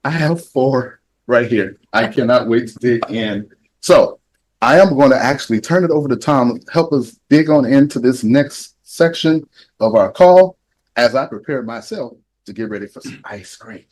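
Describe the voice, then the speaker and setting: A man's voice: mid-range voice, normal speed, darkish tone, a little hiss or hum, low-quality recording. Upbeat man hosting an online event. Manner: upbeat, effusive, laughs often. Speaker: event host.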